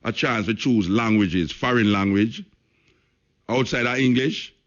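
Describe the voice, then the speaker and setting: Unhurried and mid-range, this Jamaican man hosts a radio talk show in patois from the studio. He's emphatic, repeating himself to press each point, and the broadcast sounds lo-fi.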